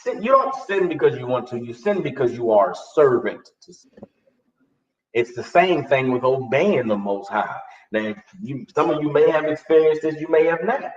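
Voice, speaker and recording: Animated man preaching a blunt sermon. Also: mid-range voice, moderate pace. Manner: blunt, street slang, animated. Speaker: street preacher. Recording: distant, echoey, dull recording.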